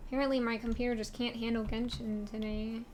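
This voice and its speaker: A woman's voice: fairly high pitch, little pitch movement, a little fast, slight background noise. A woman streamer giving casual game commentary, rambling and giggly, asking herself questions as she plays.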